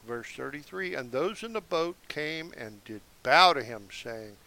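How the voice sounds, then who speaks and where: Slow, lively-voiced man reading scripture. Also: mid-range voice, gravelly, a little hiss or hum. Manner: slow, deliberate reading broken by casual asides. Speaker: Bible teacher. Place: seated indoors.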